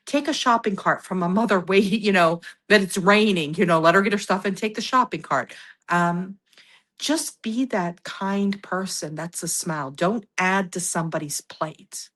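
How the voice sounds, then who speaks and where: A woman guest on a podcast, telling stories in casual conversation in an animated way, often laughing and acting out what people said. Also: fairly low pitch, moderate pace. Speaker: guest, paranormal investigator.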